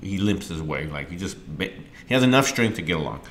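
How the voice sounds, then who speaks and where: A middle-aged man hosting a podcast, telling a candid personal story earnestly and with emotion, getting loud and animated as he tells it. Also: sits low, fairly quick, a little hiss or hum. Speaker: podcast host.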